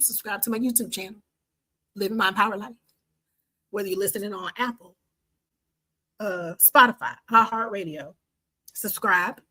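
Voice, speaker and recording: A woman's voice: mid-range voice, bright, forceful tone, husky. A woman in her fifties from the American East Coast, hosting a podcast, chatting animatedly, repeating phrases for emphasis and closing with a fervent prayer. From Washington, D.C. and the Carolinas, USA. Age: 50s. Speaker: podcast host. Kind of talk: casual podcast outro and prayer.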